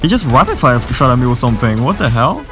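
A young man giving excitable, swearing, trash-talking commentary over his own gameplay. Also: medium pitch, fast. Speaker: gaming video creator. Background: game music.

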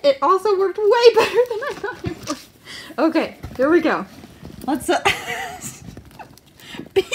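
A woman with an extremely high-pitched voice vlogs her pet rats at home, with a little hiss or hum on the recording. As the owner and host of the channel, she keeps up casual commentary, chatting playfully, laughing often and scolding the rats fondly.

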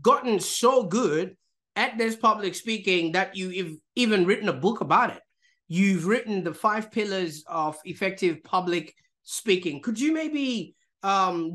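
Podcast host guy, high voice, kinda rambly, lots of ums. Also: measured pace, fairly bright tone. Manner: rambling, filler-heavy. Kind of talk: interview questions, casual chat.

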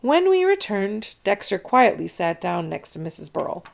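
A woman reads a children's chapter book aloud, bringing energy and expression to the narration. Her voice sits in a middle pitch with a touch of gravel. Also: moderate pace. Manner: expressive, animated storytelling. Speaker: storybook reader.

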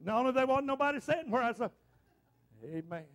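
A man's voice: very high-pitched, animated, fast, fairly bright tone. A middle-aged man preaching a folksy, exclamatory sermon to his church congregation, often repeating himself. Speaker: pastor. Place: church sanctuary.

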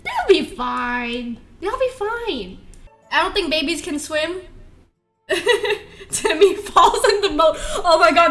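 A woman's voice: sits high, fairly bright tone. A woman streaming a game, chatting casually in a rambling, giggly way and laughing often. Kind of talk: casual live-stream chat while playing.

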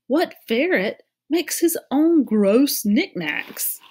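A woman's voice: medium pitch, very animated, a little slow, a little mellow, pitched above the performer's own voice. Woman doing a nervous young boy. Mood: disgusted.

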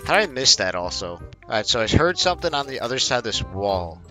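A man's voice: medium pitch, fast talker. A young man narrates his gameplay in a casual, profane stream of reactions. His voice rises and falls a lot, and game music plays underneath. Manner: profane, animated, reacting aloud. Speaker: gaming streamer.

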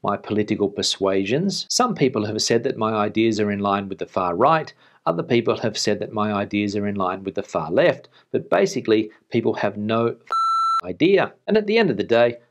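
Male host with a lowish voice, chatty reply-to-comments segment, frank and blunt when pushed. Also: big pitch swings, fairly quick. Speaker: host of a news update channel. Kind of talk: casual reading and answering of viewer comments.

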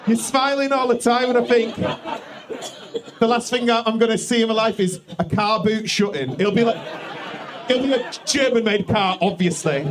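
A man with a strikingly high voice works the crowd from a comedy club stage, teasing people and rambling, often breaking off his own sentences. He talks into a handheld mic, and the live recording carries a clear layer of room noise behind him. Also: moderate pace. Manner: rambling, teasing, self-interrupting. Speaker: stand-up comedian. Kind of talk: crowd work with the audience.

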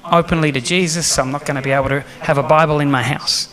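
A man's voice: on the high side, steady tone, fast, fairly bright tone, close to an everyday voice. A man quoting a young woman as she earnestly tells the church her story. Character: tearful young woman sharing her testimony.

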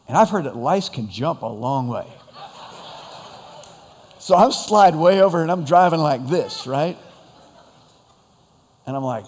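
Rambling storytelling preacher in a reverberant church. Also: male voice, on the high side, animated, a little fast, darkish tone. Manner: rambling, self-deprecating humor, frequent fillers. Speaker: pastor. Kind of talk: sermon storytelling. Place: church sanctuary. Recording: long church hall reverb.

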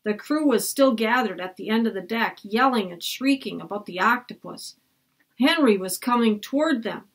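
A woman gives an expressive read-aloud of a children's chapter book at a moderate pace. She pitches her voice higher for the children and brings it down low for the narration.

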